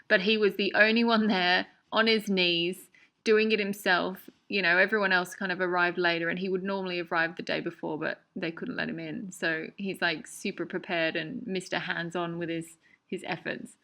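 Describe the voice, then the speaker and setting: A woman's voice: on the low side, steady tone, normal speed, bright, forceful tone. A woman who made the documentary, chatting and joking through its audio commentary. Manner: chatty, laughing, self-deprecating. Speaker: documentary filmmaker.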